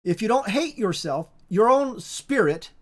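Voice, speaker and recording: An informal Bible teacher who talks in a halting, repetitive way, restarting words and circling back to drive each point home. The pitch sits in a middling range, neither high nor low. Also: expressive.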